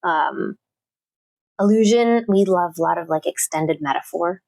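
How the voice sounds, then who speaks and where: Woman with a creaky, slightly low voice. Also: a little slow, darkish tone, no room sound. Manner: thoughtful, with frequent fillers and restarts. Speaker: literature teacher. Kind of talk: casual interview talk.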